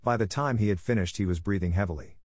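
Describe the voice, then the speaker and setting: A man voicing a timid little male terrier dog with a soft, self-effacing voice. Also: lowish voice, fast, no room sound, clean studio sound, natural voice. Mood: telling.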